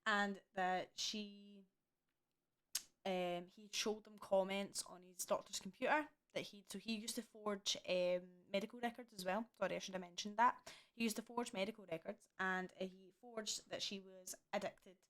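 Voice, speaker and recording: A woman's voice: mid-range voice, steady tone, moderate pace, a bit bright. A young woman casually chatting through a true crime case, indignant and swearing freely. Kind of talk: casual chat.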